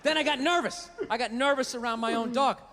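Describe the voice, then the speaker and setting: A man's voice: extremely high pitch, a little fast, sharp tone, long reverb tail, a little hiss or hum. A male stand-up comedian ranting in an exasperated, profane way during a live routine.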